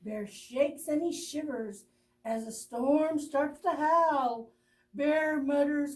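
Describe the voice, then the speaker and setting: A woman reads a picture book aloud to young children, drawing out each line at a very slow, deliberate pace. Her voice sits fairly high, and she breaks off for gasps and little questions to her listeners. She is a little far from the microphone. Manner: slow, expressive storytelling with gasps and asides to children. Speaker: children's librarian. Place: library storytime video.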